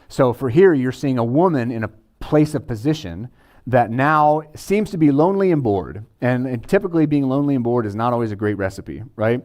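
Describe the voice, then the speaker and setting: A pastor delivers a conversational sermon, tossing casual asides to his congregation. His voice sits in the mid-range with a slightly mellow quality.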